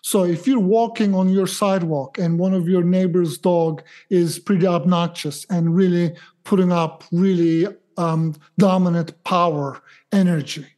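A dog trainer co-hosting a podcast chat who brings behavior to life by acting out examples and quoting what people and dogs think. The voice is mellow and sits at a middle pitch. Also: steady tone, measured pace. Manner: explains with acted-out examples and quoted thoughts.

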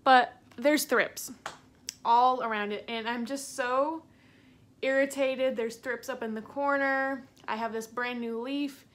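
A woman's voice: on the high side, fairly even intonation, takes it slowly. A young woman plant vlogger talking casually and ranting in exasperation, with bursts of laughter. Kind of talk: casual vlog.

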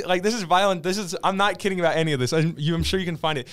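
A young man co-hosting a podcast in casual, rambling chat, acting out quotes in a high voice. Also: very fast, few pauses, a bit bright. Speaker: podcast co-host.

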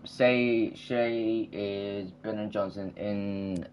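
Casual gamer guy, slow and mumbly, faint hiss behind him. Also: fairly low pitch, fairly even intonation, darkish tone, lo-fi sound. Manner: rambling, mumbled, trails off. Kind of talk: casual gaming chat.

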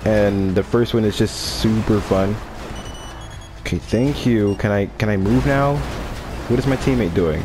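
A man's voice: fairly low pitch, a little slow, music in the background. A man giving gameplay commentary on his own video, often groaning in exasperation at his friend. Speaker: gaming video creator.

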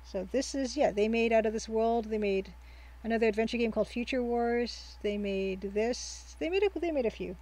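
Mellow-voiced woman chatting through gameplay. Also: on the high side, normal speed, low-quality recording. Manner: chatty, reads game text aloud, laughs often. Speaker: let's play host. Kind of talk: casual gameplay commentary.

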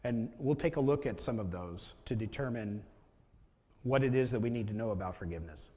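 A man's voice: fairly low pitch, expressive, brisk, dark tone. A male pastor giving a conversational sermon and often asking the listeners rhetorical questions. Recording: long hall reverb.

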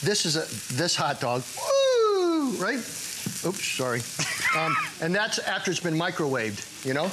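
A middle-aged man pitching his food products on a home shopping show, animated and joking, sometimes talking with his mouth full. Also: a little slow, noisy background. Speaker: guest brand founder.

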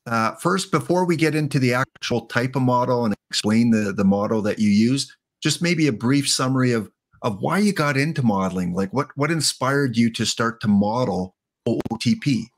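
A man hosting a casual stream chat, asking questions in an easygoing, halting way. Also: medium pitch, expressive. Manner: easygoing, hesitant interviewer. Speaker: host.

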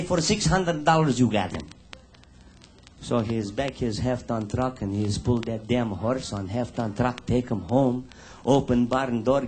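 A man tells rough, profane jokes on stage in broken English. His voice sits high and swings widely up and down. The live recording carries a lot of noise. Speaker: stand-up comedian. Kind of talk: live stand-up storytelling.

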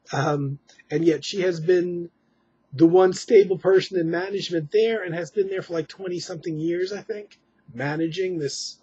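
A man's voice: fairly high pitch, darkish tone, breathy edge, muffled recording. An exhausted man giving a rambling late-night personal update at home, with many fillers and restarts. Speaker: vlogger.

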